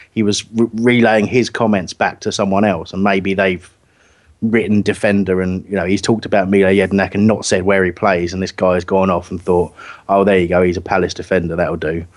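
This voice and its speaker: A man's voice: fairly low pitch, fairly even intonation, a little fast. A man hosting a casual football chat, rambling and laughing often. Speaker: podcast host.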